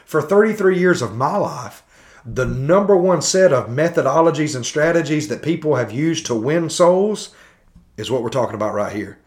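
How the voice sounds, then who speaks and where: A man's voice: fairly high pitch, animated, moderate pace. A man in his thirties giving an earnest, preacherly commentary on a sermon, full of rhetorical questions. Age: 30s. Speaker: podcast host.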